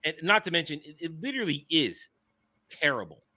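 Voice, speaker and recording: A male podcast host talking in loose, casual commentary. His voice sits a little high and sounds very bright and ringing. He is sarcastic and animated, and he mocks what others say. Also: fairly quick. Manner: sarcastic, animated, mocking quotes in a shrill voice.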